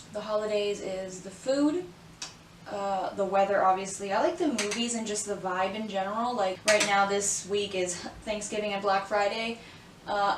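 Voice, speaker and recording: A young woman in her twenties from South Florida, a beauty vlogger, chats casually through a makeup tutorial at home, rambling and sprinkling in lots of "like" and "y'all." Her mid-range voice is picked up by a camera mic a short distance away. The recording is rough and roomy, with some hiss or hum.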